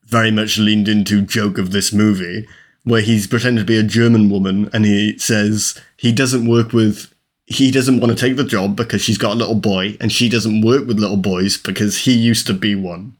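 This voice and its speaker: A man's voice: on the low side, steady tone, normal speed. A man co-hosting a casual film-review podcast, chatting in an easygoing, agreeable way. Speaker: podcast co-host.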